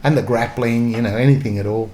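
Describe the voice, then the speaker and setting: A man's voice: medium pitch, fairly even intonation, fast, darkish tone, a little hiss or hum. An Australian man in his sixties, a former police officer, telling anecdotes in a casual interview. He chuckles often and acts out the lines other people said.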